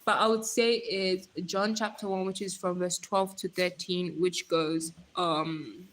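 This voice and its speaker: A woman livestreamer chatting casually, animated and laughing often as she teases and advises her viewers. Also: lowish voice, a little slow. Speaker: livestreamer reading chat.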